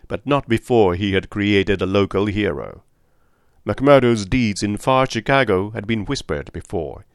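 Brief: male audiobook narrator, low voice, dry close recording. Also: no room sound. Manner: steady, measured reading.

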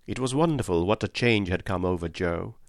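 A man narrating an audiobook in a steady, measured storytelling manner. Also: low voice, no echo, studio quality. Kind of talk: scripted narration.

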